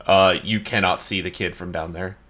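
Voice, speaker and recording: A man narrating and ruling a tabletop game as dungeon master, explaining rules in a relaxed way with frequent pauses. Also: sits low.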